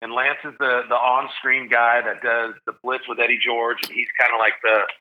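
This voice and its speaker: A man's voice: medium pitch, little pitch movement, moderate pace. A man in his forties from Tennessee, a podcast guest telling a story in a casual, slangy way and acting out the voices he quotes. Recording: tinny phone-line sound.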